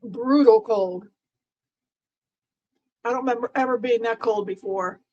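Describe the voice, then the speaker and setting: A woman's voice: on the high side, a little slow, warm tone, dull audio. A woman hosting a live stream in casual chat with her viewers. She talks in a rambling, playful way, with lots of fillers and restarts, and teases the people in the chat. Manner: chatty, playful, teasing chat commenters. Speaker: livestream host.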